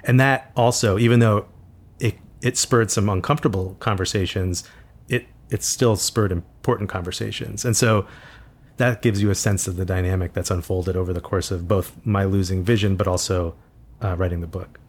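A man with a fairly low voice talks through his experiences in an interview. He is reflective and unhurried, stopping and restarting his sentences as he searches for the right words. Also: steady tone, breathy edge. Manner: thoughtful, halting, with frequent restarts. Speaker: author guest.

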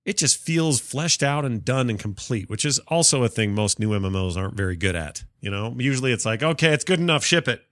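This gaming podcast co-host has a lowish voice and speaks a little fast, barely pausing as he talks at length with lots of fillers and restarts. Allergies leave him stuffy, sneezy and coughing. The recording is dry and clean, from a studio mic with a cough switch.

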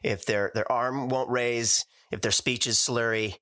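A podcast guest who talks hesitantly, stopping and restarting with lots of fillers. His voice is mid-pitched with a bright, forward tone. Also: steady tone, unhurried. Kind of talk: casual podcast chat.

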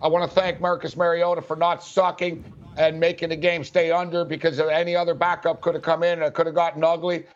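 A man hosting a sports betting show, talking loudly and laughing as he jumps in over his co-hosts. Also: on the high side, flat delivery, fast, smooth, lo-fi sound. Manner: loud, laughing, talks over others. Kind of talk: casual sports betting chat.

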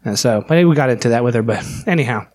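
A man's voice: mid-range voice, lively intonation, fast, a little mellow. A man chatting casually on a podcast, rambling and crude, often restarting his sentences. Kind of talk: casual chat.

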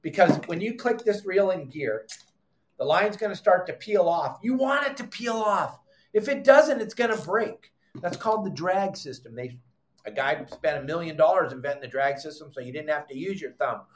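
Emphatic fishing captain in an echoey room. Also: male voice, on the high side, normal speed. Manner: emphatic, repeats commands, exasperated asides. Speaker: fishing podcast host. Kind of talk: animated how-to fishing talk.

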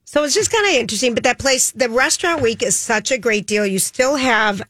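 Woman radio co-host, lively and laughing, higher-pitched, dry close mic. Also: no room sound. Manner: chatty and animated, quick to laugh. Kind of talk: casual chat.

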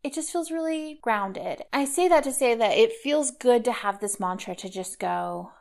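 A woman in her thirties hosts a solo podcast in a loose, chatty way. She talks through her thoughts reflectively and scatters "like" and "kind of" through her sentences. Her voice sits a little on the high side. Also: expressive, normal speed, creaky, darkish tone. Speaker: podcast host. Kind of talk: casual solo podcast chat.

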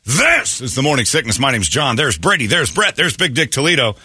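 Male morning radio host, lively pitch, crisp bright tone, dry studio sound. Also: fairly quick, no echo. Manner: animated, joking, laughing storyteller. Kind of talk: casual radio banter.

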